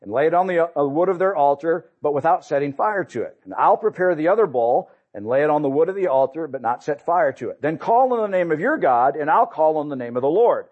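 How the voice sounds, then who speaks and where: A man's voice: on the high side, animated, brisk, hardly any pauses, phone-quality sound. A man reading the lines of a bold male prophet challenging a crowd, with raised, emphatic scripture reading.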